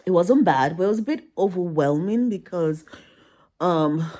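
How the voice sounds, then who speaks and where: A woman's voice: lowish voice, animated, moderate pace, warm tone. A tired woman vlogging casually to camera, rambling and laughing at herself as she talks. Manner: rambling, laughing and self-deprecating.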